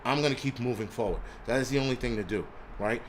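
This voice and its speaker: This mid-range male voice talks fast, with some hiss or hum in the background. He's a New Yorker hosting a prepping live stream, and his rant is furious, crude and direct, full of false starts and stammering.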